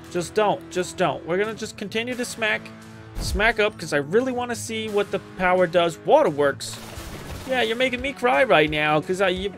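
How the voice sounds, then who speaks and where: A man streaming a game for the first time, commenting excitedly and scolding the enemies out loud. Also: high voice. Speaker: gaming streamer. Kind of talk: blind let's-play commentary.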